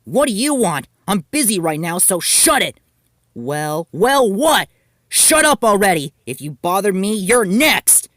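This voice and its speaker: A man voicing a bossy two-faced teen girl, raised pitch, lively swings, dry storybook voice. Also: moderate pace, no room sound. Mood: furious. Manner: snapping, shouting. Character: hot-tempered teenage girl, two-faced bully.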